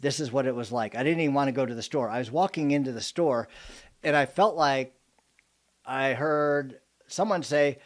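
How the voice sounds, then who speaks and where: A man giving a motivational live talk as a business coach, telling animated stories and joking with his audience. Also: mid-range voice, normal speed. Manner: animated storytelling, jokes to the audience.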